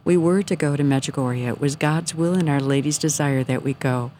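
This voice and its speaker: A woman telling a personal faith story on a radio show, earnest and sometimes hushed. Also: low-pitched, a little fast, slight background noise. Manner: earnest, drops to a soft hush at moments. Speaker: guest telling her story.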